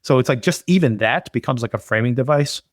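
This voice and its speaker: Guy rambling excitedly about a movie on a podcast, lots of likes and ums, dry close mic. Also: mid-range voice, fast, no echo. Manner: enthusiastic, rambling with many fillers. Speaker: podcast co-host. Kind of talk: casual film review chat.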